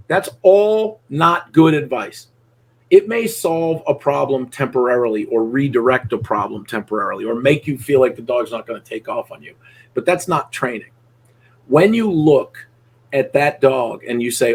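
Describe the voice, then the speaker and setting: A man's voice: mid-range voice, husky. A middle-aged man working as a dog trainer, coaching a student bluntly with salty language and acting out his dogs in voices. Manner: blunt, profane, acts out dogs and people in voices. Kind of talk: live coaching session.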